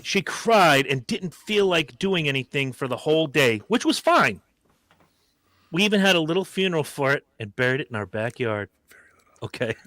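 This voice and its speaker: A man's voice: on the high side, dry recording. A man hosting a casual comedy podcast, reading out a listener's story with sarcastic asides and plenty of swearing. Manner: animated, sarcastic, swears freely.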